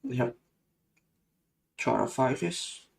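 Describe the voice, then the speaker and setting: Slow gravelly woman chatting to viewers. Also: extremely low pitch, sing-song, a little mellow, reverberant. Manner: chatty, laughs often, answers viewers. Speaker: livestream host reading chat. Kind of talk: casual chat while colouring. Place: home room at a table.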